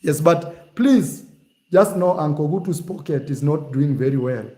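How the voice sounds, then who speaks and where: A man chats straight to camera in a loose, teasing vlog style. His voice sits a bit high for a man and stays animated as he jokes with his viewers. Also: a little slow. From Kenya. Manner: animated, teasing, shifts to mock accents. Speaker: vlogger. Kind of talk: casual vlog talk.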